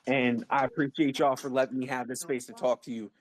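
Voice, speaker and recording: A man's voice: medium pitch, flat delivery, brisk, slight background noise. A man in his thirties speaking emotionally in a live online audio room. He is blunt and profane, and he stresses points by repeating words and restarting sentences. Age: 30s. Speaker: guest speaker.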